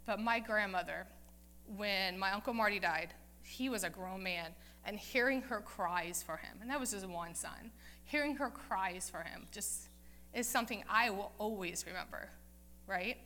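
A woman's voice: mid-range voice, normal speed, pushed and bright, slight background noise. A woman preaching in a casual, chatty way, retelling a Bible story and acting out the characters' lines. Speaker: Bible teacher.

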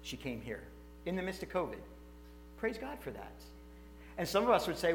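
A man, a pastor telling stories in a sermon with animated, emotional delivery, acting out quotes and restarting his sentences. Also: sits high, moderate pace, pauses often, a little hiss or hum. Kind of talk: sermon storytelling.

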